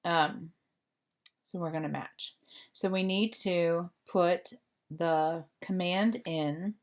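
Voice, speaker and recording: Speaking slowly with a lowish, fairly even voice, a woman teaches Spanish grammar in a recorded remote lesson. She stays patient with her students and uses many fillers.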